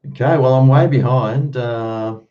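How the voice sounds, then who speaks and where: A man's voice: mid-range voice, measured pace, highs cut off. An Australian man live-streaming, chatting casually with viewers and answering their comments in a blunt, freely swearing way.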